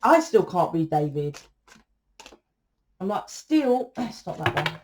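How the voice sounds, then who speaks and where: A woman's voice: fairly low pitch, big pitch swings, takes it slowly, background noise. Blunt woman reading tarot. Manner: blunt, profane, lecturing the viewer. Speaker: tarot reader. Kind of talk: casual tarot reading monologue.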